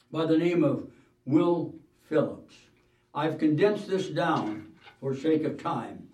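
A man preaching a sermon, telling a story in an earnest, measured way with "uh" fillers and the odd throat-clearing. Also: fairly high pitch, darkish tone. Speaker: pastor. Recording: roomy hall, mic at a distance.

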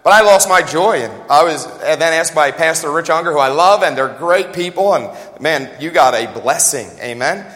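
A man preaching a sermon as a pastor, talking fast and joking in a conversational way, recorded with long hall reverb in a church. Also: fairly high pitch, animated, a bit bright. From United States.

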